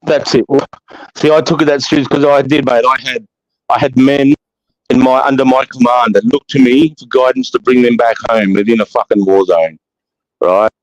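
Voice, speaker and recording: Here the Australian host's voice is medium in pitch, steady in tone and normal in speed. He delivers a casual live chat monologue, bluntly swearing a lot and preaching with emphasis, on dull, dry lo-fi audio.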